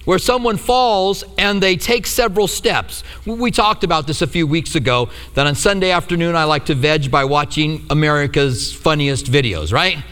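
High-voiced male pastor in a hall. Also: moderate pace, hardly any pauses, a bit bright. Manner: conversational storytelling with humor. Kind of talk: sermon.

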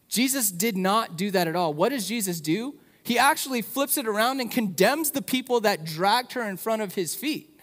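Passionate pastor in an echoing hall. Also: male voice, high-pitched, lively intonation, normal speed, fairly bright tone. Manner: passionate, repeats words, builds to rising emphasis. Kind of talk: sermon and prayer. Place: church.

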